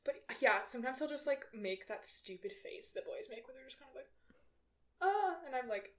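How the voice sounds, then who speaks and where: Chatty young woman, slightly high voice. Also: fairly bright tone. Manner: chatty, laughing, quick asides. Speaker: podcast co-host. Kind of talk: casual chat.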